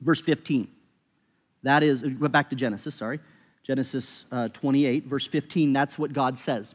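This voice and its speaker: A man's voice: mid-range voice, fairly even intonation, moderate pace. A man preaching a sermon as pastor, talking conversationally with emphatic rises and frequent restarts. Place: church sanctuary. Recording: long reverb of a church hall.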